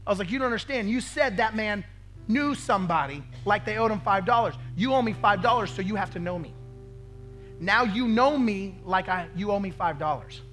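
A man's voice: sits high, animated, fairly quick, fairly bright tone, soft background music. A male pastor preaching a sermon, telling a story with acted-out quotes and frequent "right?" asides to the congregation.

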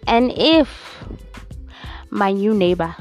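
A woman's voice: medium pitch, lively intonation, slow pace, darkish tone, faint music behind. A young South African woman hosting a solo podcast, ranting bluntly and sassily with lots of swearing. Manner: blunt, profane, sassy. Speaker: podcast host. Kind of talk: casual solo rant.

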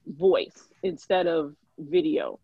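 Podcast co-host, husky breathy voice, hesitant musing delivery, dry dull recording. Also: mid-range voice, sing-song, slow, dry recording. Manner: musing, hesitant, restarts often. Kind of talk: casual movie discussion.

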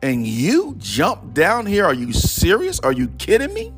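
A man voicing a frantic young man trapped in a hole, who shouts in disbelief. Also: high voice, wildly swooping pitch, unhurried, faint music behind, voice pushed up, heavily acted. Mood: exasperated. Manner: pleading, then shouting in disbelief.

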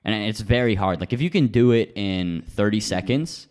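A man hosting a podcast, asking questions in a casual, halting way. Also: fairly low pitch, lively intonation, a little mellow. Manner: halting, restarts phrases. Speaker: podcast host. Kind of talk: casual interview.

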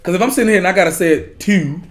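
A man's voice: high voice, very fast. A man in casual group chat, blunt and profane, often breaking into laughter.

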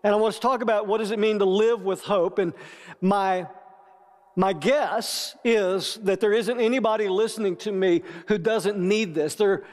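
A man preaching a sermon as pastor, deliberate and measured, with playful asides to the congregation. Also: high-pitched. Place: church sanctuary with long reverb. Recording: echoey church hall.

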